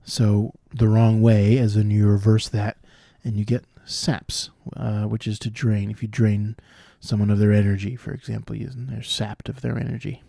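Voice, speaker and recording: A man solving cryptic crossword clues out loud, thinking through each one and explaining the wordplay as he goes. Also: on the low side, flat delivery, normal speed, creaky, few pauses, no echo, clean studio sound. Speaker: puzzle solver.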